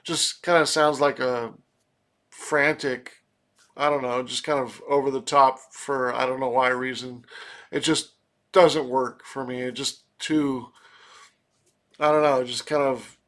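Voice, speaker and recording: A man's voice: mid-range voice, fairly even intonation, measured pace, a bit bright. A man giving a casual album review, rambling with many fillers and restarts. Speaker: music reviewer.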